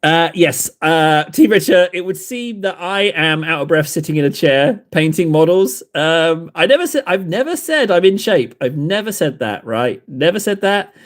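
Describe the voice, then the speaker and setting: A man's voice: a little high, sing-song, normal speed, few pauses. A man hosting a livestream, chatting with viewers while painting models, rambling and self-mocking, laughing often. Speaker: livestream host painting miniatures. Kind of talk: casual chat with live chat.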